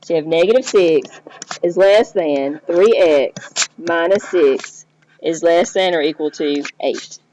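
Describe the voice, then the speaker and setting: A woman's voice: on the low side, slow pace, dark tone, slight background noise. A woman teacher explaining math step by step, checking in with the listener as she goes. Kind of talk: recorded math lesson. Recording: dull lo-fi recording.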